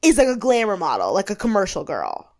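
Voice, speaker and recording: A woman's voice: mid-range voice, brisk, faint music behind. A woman co-hosting a podcast, recapping a reality show in a casual, chatty way with lots of fillers. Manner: animated, chatty, many fillers. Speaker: podcast co-host.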